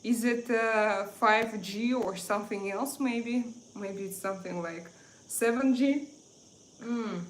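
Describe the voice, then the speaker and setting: A woman's voice: medium pitch, takes it slowly, roomy sound, a little hiss or hum. A woman from Russia with a Russian accent, hosting a makeup livestream in casual chat, hesitant with many fillers and restarts. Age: 30s or 40s. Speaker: beauty livestream host.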